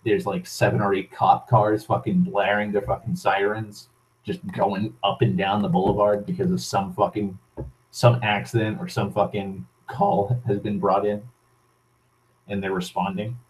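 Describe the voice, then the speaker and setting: A man's voice: lowish voice, level tone, moderate pace, poor audio. A young man from Massachusetts ranting casually into his camera, heavy with profanity, sardonic asides and rambling restarts. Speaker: vlogger. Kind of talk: casual rant.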